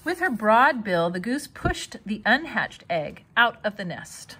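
A woman reading a children's novel aloud with expressive storytelling. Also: a little high, a little slow, breathy edge. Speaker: reader.

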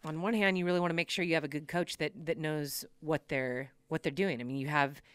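A woman hosting a podcast, telling personal stories in a casual, animated way and laughing often. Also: sits low, brisk, clean tone. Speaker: podcast host. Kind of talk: casual storytelling chat.

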